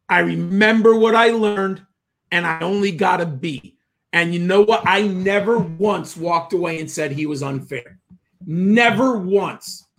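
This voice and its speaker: Middle-aged guy, high bright voice, emphatic and preachy storyteller. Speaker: podcast co-host. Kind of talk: casual sports chat.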